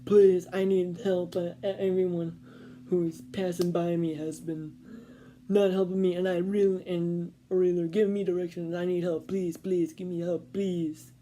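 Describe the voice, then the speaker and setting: A woman's voice: on the low side, flat delivery, moderate pace, warm tone, slight background noise, close to an everyday voice. A woman voicing a pleading elderly man. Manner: begging, repetitive.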